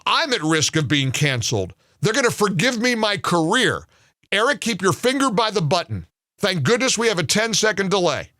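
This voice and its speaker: A man's voice: high voice, big pitch swings, moderate pace, sharp tone, no echo, studio quality. A man hosting a talk radio show, ranting angrily and sarcastically, often repeating words as he gets worked up. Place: radio studio. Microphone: studio mic.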